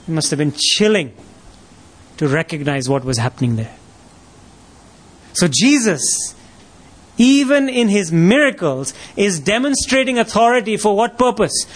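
Preacher, male, fairly high voice, emphatic sermon delivery with rhetorical questions. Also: lively intonation, moderate pace.

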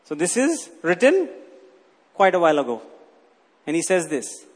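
A man's voice: sits high, wildly swooping pitch, moderate pace, pauses often, slightly rough. A man preaching a sermon as pastor, emphatic and acting out quoted voices. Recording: long hall reverb.

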